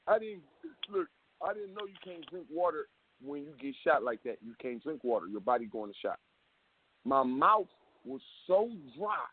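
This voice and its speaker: A man guest telling his story in an animated way, full of street slang and swearing, heard on a tinny phone line. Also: on the high side, slightly rough. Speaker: rapper guest. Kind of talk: phone interview.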